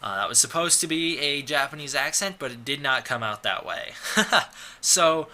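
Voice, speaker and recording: A man talks through a film review in a loose, offhand way, trailing into fillers and restarts. His voice is strikingly bright and tense, pitched in the middle for a man, and he slips in dry sarcastic asides. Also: animated, normal speed. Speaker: movie reviewer. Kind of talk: casual spoken film review.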